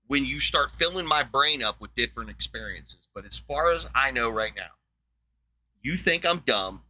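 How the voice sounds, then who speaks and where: A man hosting a livestream, ranting in a blunt, profane, excitable way, with a wheezy laugh. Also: fairly high pitch. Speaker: livestream host. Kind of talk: casual livestream rant.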